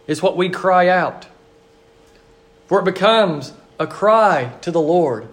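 Pastor guy giving a sermon, kinda high voice, earnest, repeats lines slow for emphasis. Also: expressive. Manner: earnest, repetitive liturgical cadence with slow emphatic phrases.

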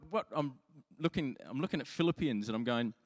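Chatty pastor in a reverberant hall. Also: male voice, medium pitch, lively intonation, a little fast. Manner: chatty, self-mocking storytelling with many restarts. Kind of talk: sermon.

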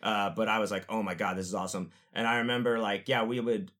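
A man's voice: fairly low pitch, fast talker. A man hosting a podcast, telling stories in casual chat and acting out the people in them. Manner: animated storyteller, acts out quotes loudly. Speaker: podcast host.

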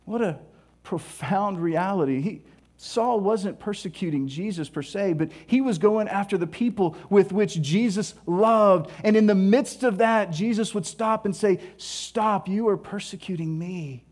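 A man preaching a sermon, animated, acting out scripture voices and dropping to hushed tones. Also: high voice, measured pace. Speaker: pastor.

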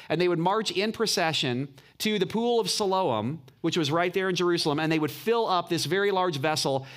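A man preaching a sermon as a pastor, explaining earnestly and dropping low and slow for emphasis. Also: a bit bright.

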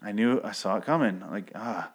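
A man's voice: on the low side, moderate pace, breathy edge. A man casually recapping a TV episode, rambling and profane, often correcting himself mid-sentence.

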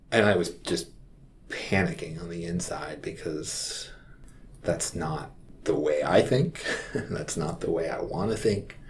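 A man who works as a hospital chaplain, telling a personal story in a reflective, halting way. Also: sits low.

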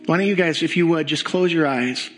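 A man leading a congregation in slow, earnest pastoral prayer during a church service. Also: a little high, over music, poor audio. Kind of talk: sermon prayer. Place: church sanctuary.

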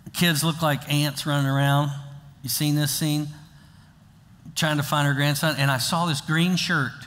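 A man's voice: on the high side, little pitch movement, normal speed, a bit bright, in a large hall. An older man preaching a sermon as pastor, talking to the congregation in a conversational way that rises into emphatic exhortation.

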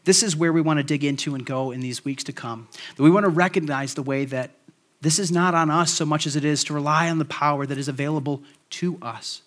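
A man's voice: fairly high pitch, fairly even intonation, brisk, a bit bright. A male pastor preaching a sermon to his church in a conversational way, with many fillers, then closing in prayer. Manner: conversational, frequent fillers, prays to close.

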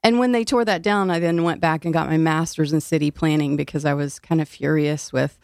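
A woman's voice: sits low, steady tone, fairly quick, vocal fry, dry recording, studio quality. An older woman from Illinois, a city food policy director, talking earnestly as an interview guest with some fillers and a little breathless. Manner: earnest, frequent fillers, laughs easily. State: slightly out of breath. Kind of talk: interview conversation.

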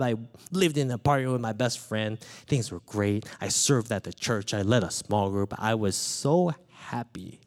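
A pastor in his thirties delivers a sermon built on stories from his own life, his pitch swooping and rising. Animated and playful, he acts out his small daughter's lines.

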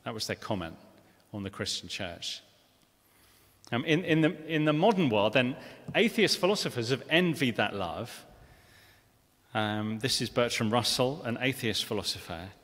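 A man's voice: mid-range voice, lively intonation, normal speed, long pauses, fairly bright tone. A man preaching a sermon in a church, earnest and conversational, often restarting phrases and asking the congregation questions. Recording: long reverb of a church hall.

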